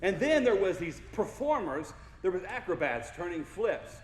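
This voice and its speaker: Goofy, lively man in an echoey hall. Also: high-pitched, normal speed, slight background noise. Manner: goofy, playful, engages the crowd. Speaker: keynote speaker. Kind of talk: motivational keynote speech. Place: large hall with audience.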